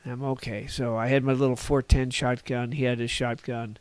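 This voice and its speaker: A man's voice: mid-range voice, level tone, a little fast, smooth, dry recording. Older man telling folksy old stories. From Northern California. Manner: rambling, folksy, chuckles at his own stories. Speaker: podcast guest. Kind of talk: casual reminiscing storytelling.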